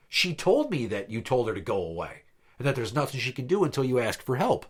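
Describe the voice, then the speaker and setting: A man's voice: medium pitch, very animated, a little fast, breathy edge. A man hosting a podcast, telling a long story in a blunt, profane, exasperated way. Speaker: podcast host. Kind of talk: casual storytelling chat.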